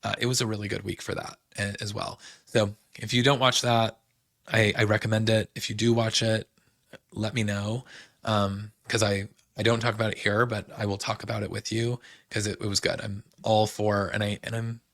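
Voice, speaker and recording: Young guy recapping tv, low gravelly voice, dry close mic, says like a lot. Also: flat delivery, normal speed, fairly bright tone, dry recording. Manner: chatty, fillers like "like" and "um", quotes people. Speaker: podcast host. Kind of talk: casual recap chat.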